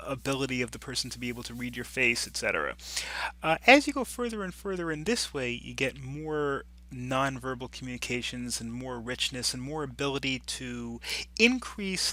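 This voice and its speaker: Bright-voiced man giving a recorded lecture. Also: mid-range voice. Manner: conversational, with many fillers and restarts. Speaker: business lecturer.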